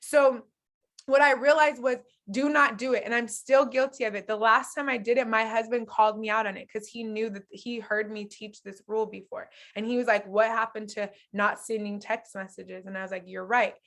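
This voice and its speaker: A young adult woman teaching a relationship masterclass, candid and animated, laughing often as she coaches couples. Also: a little high, a little fast.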